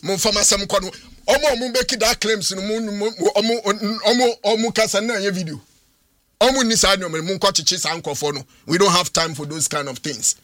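High, bright Ghanaian sports radio man. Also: normal speed, no echo. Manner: emphatic, argumentative opinion delivery. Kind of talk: radio sports talk in mixed Twi and English.

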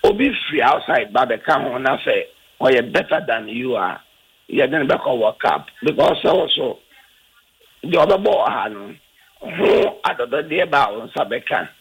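A man with a Ghanaian accent, a football coach answering radio interview questions earnestly, switching between Twi and English with halting restarts. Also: medium pitch, expressive, breathy edge, poor audio.

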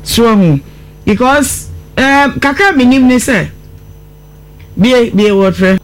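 A woman's voice: a little high, lively intonation, slow. A woman hosting a call-in radio show, talking in a scolding, emphatic way.

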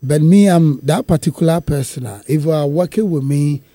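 A man's voice: on the high side, normal speed, dark tone, dry recording. A man, a musician, speaking earnestly and emphatically in an interview. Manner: switches between English and Twi, earnest and emphatic. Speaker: musician guest. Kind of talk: interview conversation.

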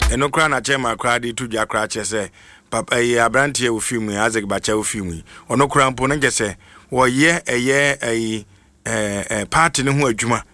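A man's voice: medium pitch, sharp tone. A man presenting radio news informally, often stuttering and restarting his words, with music playing underneath. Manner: halting, frequent stutters and restarts.

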